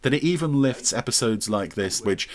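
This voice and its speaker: A man's voice: mid-range voice, lively intonation, moderate pace. A man hosting a podcast, giving chatty, wry watch-along commentary on an episode, with fond asides. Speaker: podcast host.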